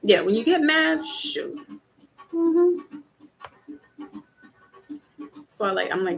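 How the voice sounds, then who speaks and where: Chatty woman host, lively pitch. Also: unhurried, creaky, faint music behind, rough recording. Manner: chatty, laughs often, acts out quotes. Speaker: livestream host. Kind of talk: casual chat with live viewers.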